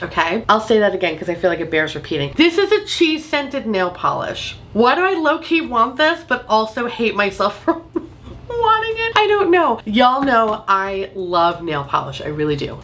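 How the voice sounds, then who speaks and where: A woman, a beauty vlogger chatting to camera in an animated way, swearing freely and laughing often. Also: on the low side. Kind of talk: casual chat to camera.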